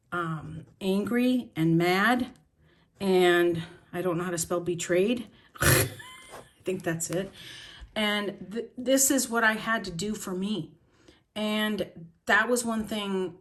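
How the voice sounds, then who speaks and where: Woman planner vlogger, raw and blunt, shaken, heartfelt talk to camera, mid-range voice. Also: mid-range voice. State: shaken and emotional. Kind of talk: emotional journaling talk to camera.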